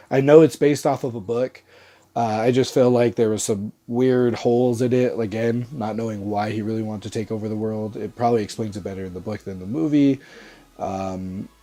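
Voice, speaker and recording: Congested from a cold, a young man with a mellow, mid-range voice rambles through a casual movie review. He talks loosely and drops in lots of "uh" fillers.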